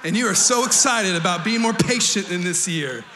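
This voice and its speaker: High bright guy pastor doing a lively, jokey sermon in church, gets loud sometimes. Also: normal speed, soft background music. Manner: energetic, playful, humorous preaching with bursts of shouting. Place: church sanctuary.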